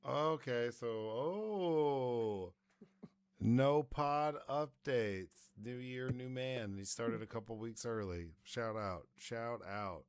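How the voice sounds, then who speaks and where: Slow-talking, smooth-voiced man on a podcast. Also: mid-range voice, dry recording. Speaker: podcast host. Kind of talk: casual podcast chat.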